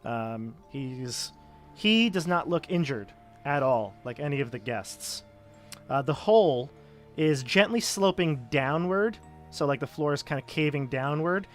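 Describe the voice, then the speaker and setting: A man narrating as game master of a tabletop game, casual and halting with many fillers. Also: a little high, animated, faint music behind.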